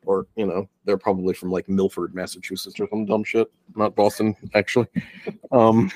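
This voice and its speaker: This young man's lowish, darkish voice barely moves in pitch and keeps a moderate pace, recorded without echo. Co-hosting a podcast, he chats casually about a film, meandering, starting sentences over, and occasionally swearing.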